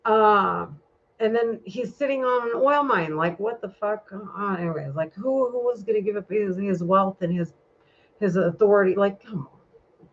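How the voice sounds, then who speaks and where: A woman's voice: mid-range voice, normal speed. A woman talking in a casual vlog monologue, rambling and heated, with a lot of swearing. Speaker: vlogger. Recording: muffled lo-fi recording.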